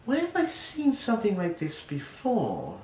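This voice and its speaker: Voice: mid-range voice, huge pitch swings, measured pace, heavy background noise. A video reviewer giving casual, opinionated, sarcastic commentary.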